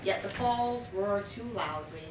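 A woman poet giving an expressive poetry reading in a bookshop, her loudness swinging dramatically between lines. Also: medium pitch, unhurried. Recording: roomy and distant with background noise.

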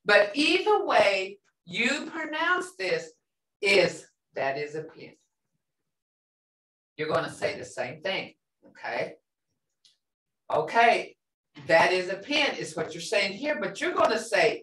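A woman teaching a language class, patiently repeating words and checking in with "okay?". She talks slowly with a lively, swinging pitch. Her voice is picked up from a distance in a roomy, echoing classroom. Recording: roomy, off-mic classroom sound.

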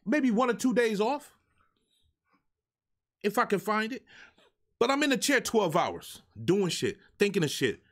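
A man's voice: sits high, big pitch swings, measured pace, long pauses, a bit bright. A man hosting his own live show, ranting in a profane, exasperated way to the people who send him music. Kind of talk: ranting live stream talk.

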